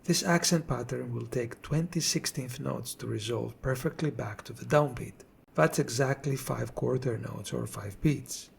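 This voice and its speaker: Man, drum teacher, scripted tutorial narration, gravelly voice, measured and explanatory. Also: mid-range voice, a little hiss or hum.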